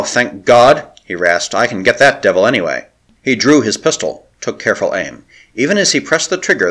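A man reading an old adventure novel aloud with theatrical flair. His pitch swings widely, lifting and falling through every sentence. The delivery is dramatic and expressive. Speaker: audiobook narrator. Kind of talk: dramatic audiobook narration.

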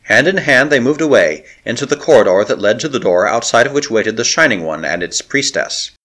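Man narrating an audiobook, theatrical, pitch all over the place. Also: brisk. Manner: expressive, theatrical.

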